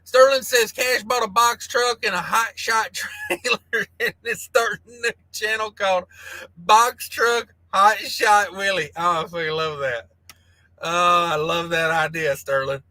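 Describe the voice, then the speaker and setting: A man's voice: sits high, fairly even intonation, a little slow, bright, forceful tone, dry recording, low-quality recording. A man hosting a casual trucking live stream, reading chat messages aloud with crude jokes and frequent laughter. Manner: crude joking banter, laughs often.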